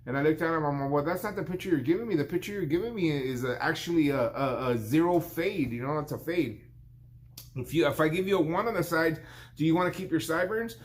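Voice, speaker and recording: A man's voice: on the high side, fast talker. Chatty barber in his fifties. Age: 50s. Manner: rambling, acts out the client's lines in a raised voice. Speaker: barber and vlog host. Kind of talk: casual storytelling vlog.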